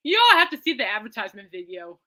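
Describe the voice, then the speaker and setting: A woman's voice: fairly high pitch, sing-song, fast talker, noisy background. A woman hosting a podcast in casual, rambling chat, giggly and reacting to listener comments. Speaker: podcast host.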